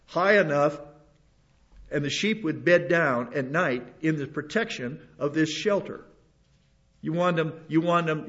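An older man, a pastor, preaching a rambling sermon with many restarts and asides. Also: on the high side. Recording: dull lo-fi recording.

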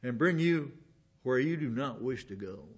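A man's voice: medium pitch, animated, normal speed, slightly rough. A man teaching through a Bible passage in a casual, folksy way, wandering into personal stories. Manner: folksy, digressive storytelling with restarts. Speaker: pastor. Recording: dull lo-fi sound.

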